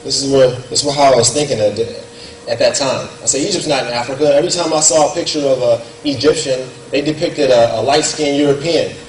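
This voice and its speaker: A man's voice: medium pitch, brisk. A young man giving an earnest, conversational storytelling speech at a gala in a banquet hall. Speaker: guest speaker. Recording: echoey hall heard from far off, faint room noise.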